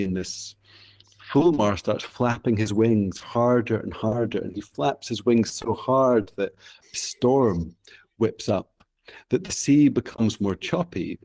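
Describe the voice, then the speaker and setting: A Scottish man with a lowish, slightly slow and mellow voice tells a traditional tale as a guest in an interview. His storytelling is vivid and rhythmic, and he repeats phrases for effect.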